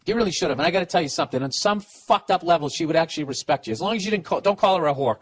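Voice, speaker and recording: Man, podcast host, comedic advice rant, profane, stammering restarts, slightly high voice. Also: animated, rapid-fire.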